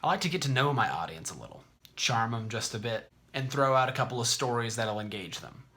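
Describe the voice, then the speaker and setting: A man hosting an explanatory video, talking in a conversational, clear way. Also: mid-range voice, expressive, brisk, pushed and bright, slight background noise. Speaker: host.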